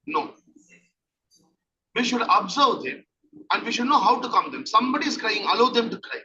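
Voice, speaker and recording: Guy teaching a training class, high sharp voice, kinda far off the mic, dull lo-fi sound. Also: expressive, moderate pace, pauses often. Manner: explanatory, repeats key points. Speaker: counselling trainer. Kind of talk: online training lecture. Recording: distant dull lo-fi mic with faint noise.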